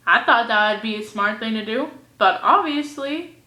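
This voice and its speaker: A teenage girl vlogging casually, rambling in a goofy way and swinging between mumbles and loud outbursts, recorded on a phone or webcam at home. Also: fairly high pitch, lively intonation, normal speed. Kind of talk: casual vlog rant. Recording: echoey room.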